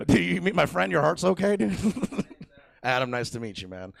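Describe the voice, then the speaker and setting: A man's voice: high voice, sing-song, a little slow, creaky, no echo. A young man performing a rambling, crude, self-mocking stand-up set on a comedy theater stage, working the crowd.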